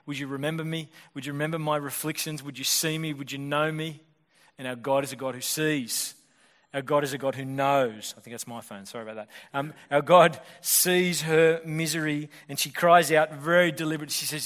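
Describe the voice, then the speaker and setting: A man's voice: fairly high pitch, steady tone, a little fast, fairly bright tone. A man preaching a sermon in a conversational way, acting out the voices of the people in the story.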